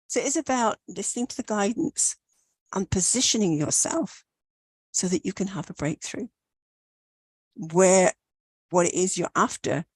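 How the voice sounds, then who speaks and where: A woman giving a motivational talk in a steady way, asking reflective questions. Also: medium pitch, normal speed, pauses often, breathy edge, dry recording. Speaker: talk show co-host.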